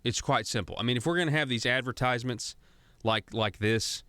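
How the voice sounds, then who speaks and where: A man's voice: medium pitch, a little fast, sharp tone, clear, resonant tone, dry recording. A man from Arkansas hosting a political talk radio show, chatty and growing heated and emphatic, in a studio. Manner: conversational, grows heated and emphatic.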